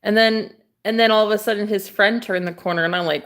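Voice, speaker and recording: A young woman vlogger tells a story in a casual, animated way, swearing freely and acting out what people said. She talks fast at a medium pitch.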